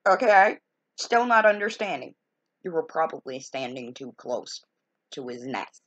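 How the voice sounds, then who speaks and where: A woman's voice: deep voice, very animated, a little slow, fairly bright tone. A woman telling a story from her own life in a casual, folksy, exasperated way, full of colorful expressions. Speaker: storytelling vlogger.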